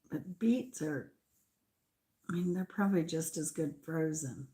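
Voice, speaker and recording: An older woman with a mild Southern American accent, chatting casually as a channel host on a garden tour, rambling with pauses. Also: low voice, dark tone. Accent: Southern American mix.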